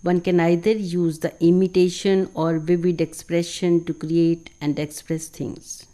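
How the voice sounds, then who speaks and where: A woman in her fifties speaks English with an Indian accent, her voice a touch low and mellow in tone. She answers in a measured, explanatory way, like a teacher laying out a lesson for radio listeners. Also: little pitch movement. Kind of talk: radio interview.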